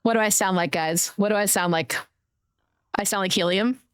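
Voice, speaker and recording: A woman streamer chatting casually with her viewers, greeting them warmly by name and swearing now and then. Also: mid-range voice, normal speed, clean tone, no room sound. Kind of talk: casual live-stream chat.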